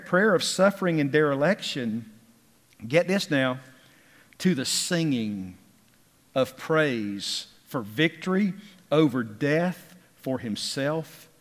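Emphatic preacher in a reverberant hall. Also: male voice, mid-range voice. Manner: emphatic, slowing on key words and rising when reading scripture. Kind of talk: sermon. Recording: long reverb of a large hall.

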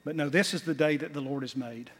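A pastor, a man, preaches in a high voice, pressing his points with rising emphasis and folksy asides. His words ring out with a long reverb across a church sanctuary. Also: quick pace, slightly rough. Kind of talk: sermon.

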